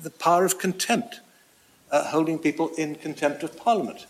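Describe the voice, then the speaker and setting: Formal barrister arguing in court. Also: male voice, fairly high pitch, fairly even intonation. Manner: formal, halting with many uh's. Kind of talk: courtroom argument.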